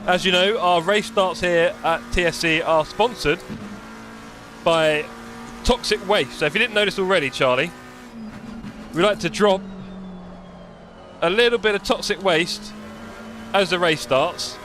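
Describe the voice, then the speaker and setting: A chatty man commentates his own sim race on a live stream, joking and muttering to himself as he works. His voice sits a little high for a man. A faint noise hums under the recording. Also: measured pace, long pauses, bright, forceful tone. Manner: chatty, jokey, mutters while fiddling with setup.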